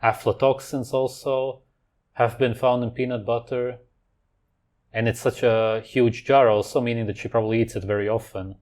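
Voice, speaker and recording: A man's voice: medium pitch, fairly even intonation, normal speed, a little mellow. A man hosting a reaction video, talking over clips with scornful, sarcastic commentary.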